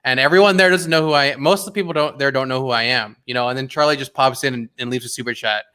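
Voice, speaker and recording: A young man hosting a casual livestream watch party, talking in an animated, rambling way full of fillers and restarts. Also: medium pitch, racing, clean tone.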